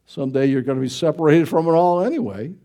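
A man's voice: on the high side, fast talker, dark tone. A middle-aged man from the United States, preaching in a folksy, conversational way with many rhetorical questions. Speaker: pastor. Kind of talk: sermon.

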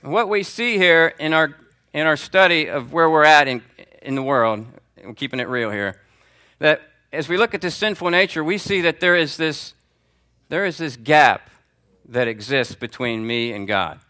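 A man teaching a Sunday school class, talking conversationally and calling on students by name, with lively swings in pitch for emphasis. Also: normal speed. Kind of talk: teaching sermon. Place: church classroom before a group.

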